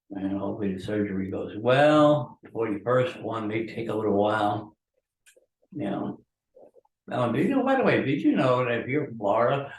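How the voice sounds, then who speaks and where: A man hosting a podcast, rambling and ranting through a solo monologue while groggy from pain medication. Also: lowish voice. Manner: ranting and grumbling. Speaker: podcast host. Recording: roomy echo from a distant mic.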